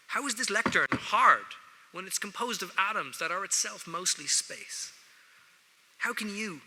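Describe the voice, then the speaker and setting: A man's voice: on the high side, bright, forceful tone, slight background noise. An Irish man giving a joking, wry speech to students at an award ceremony, talking straight to the audience from a lectern. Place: large ceremony hall. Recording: echoey large hall.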